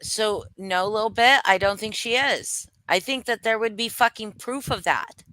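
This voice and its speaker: A woman's voice: medium pitch, unhurried, pushed and bright. A young adult woman co-hosting a casual gossip livestream, blunt and rambling, swearing freely and restarting her sentences. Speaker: livestream co-host. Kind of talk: casual gossip commentary chat.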